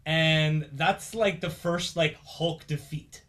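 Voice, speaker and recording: A man's voice: on the high side, fairly even intonation, slow, fairly bright tone. Chatty young man, rambling host. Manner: chatty, rambling with many fillers and laughs. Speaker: podcast host. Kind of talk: casual chat.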